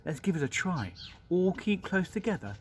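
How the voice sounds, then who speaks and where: A man's voice: high voice, sing-song, normal speed, a little hiss or hum, voice pushed up. A man reading as a firm, decisive young boy. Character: brave sensible young boy, eldest brother.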